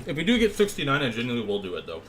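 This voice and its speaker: A young man chatting with his viewers from his home room, with lively, swinging pitch and a joking manner. A steady background noise runs under his desk-mic recording. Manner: chatty, joking with chat, quick asides. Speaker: gaming streamer. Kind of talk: live stream chat and play-by-play. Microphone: desk mic with webcam.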